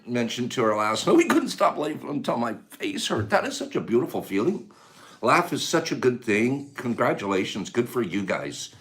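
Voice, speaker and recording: A man hosting a casual morning livestream, animated, calling out viewers by name and playfully scolding them. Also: mid-range voice. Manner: animated, calls out viewers' names. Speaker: livestream host.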